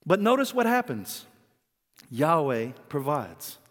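A man's voice: fairly high pitch, big pitch swings, slow, big-room sound. A man preaching a sermon as pastor, earnest and often chuckling as he teaches.

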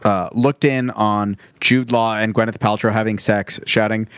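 A man's voice: fairly low pitch, steady tone, moderate pace, fairly bright tone, smooth, no echo. A man talking casually about a film, rambling with false starts and breaking into playful impressions. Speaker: podcast co-host.

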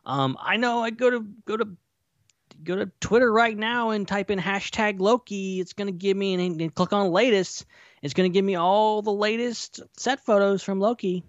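A man's voice: high-pitched, normal speed, no echo. Podcast co-host, male, rambly and speculative, dry close mic, a bit lo-fi. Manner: rambling, speculative, lots of fillers. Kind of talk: casual chat.

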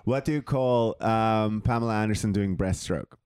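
A man with a fairly low voice, co-hosting a comedy podcast with wry, mock-formal asides to the audience. The sound is dry and close to the mic. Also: moderate pace, a little mellow, clear, resonant tone, dry recording. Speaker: podcast co-host. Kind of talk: casual comedy podcast banter.

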